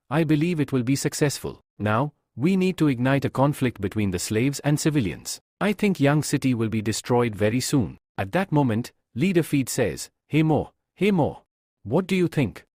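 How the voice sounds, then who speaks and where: A man narrating a comic story recap in an even storytelling read. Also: medium pitch, no echo, clean studio sound.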